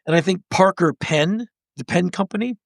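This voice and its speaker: A man's voice: high voice, moderate pace, gravelly, no room sound, clean studio sound. A man in his sixties, a podcast guest, telling a story animatedly and acting out the people in it. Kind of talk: storytelling in conversation.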